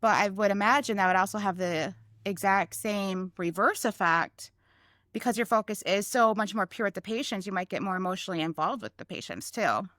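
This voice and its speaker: A woman's voice: medium pitch, fairly quick, fairly bright tone, dry recording, clean studio sound. A woman co-hosting a casual podcast, a mobile vet tech reflecting in a thoughtful way.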